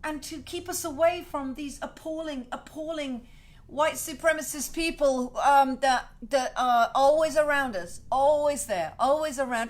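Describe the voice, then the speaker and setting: A woman's voice: high-pitched, unhurried. Emotional, profane woman ranting. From South Wales. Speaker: host. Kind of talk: casual livestream rant.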